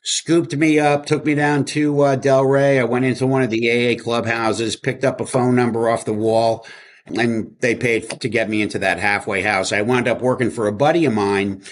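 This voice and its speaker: A man from New Jersey tells his own story in an interview. His speech is candid and rambling, full of fillers, restarts and quoted bits of old conversations. His voice sits at an ordinary middle pitch. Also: steady tone, moderate pace, slight background noise. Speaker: interview guest. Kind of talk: casual storytelling.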